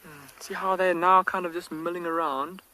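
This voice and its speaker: A man working as a field guide, giving hushed, excited live wildlife commentary outdoors from a safari vehicle, with the mic close to his face. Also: high voice, moderate pace, poor audio. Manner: hushed, near-whispered, excited.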